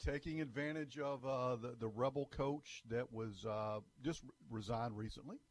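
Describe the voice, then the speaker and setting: A man's voice: mid-range voice, moderate pace, no echo. A man co-hosting a sports talk radio show, telling jokey stories in casual banter. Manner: lively, jokey storyteller.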